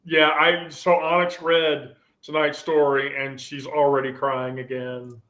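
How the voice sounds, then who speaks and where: A man hosting a relaxed group chat, rambling and often restarting his sentences. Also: on the high side, a little slow. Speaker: host. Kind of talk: casual chat.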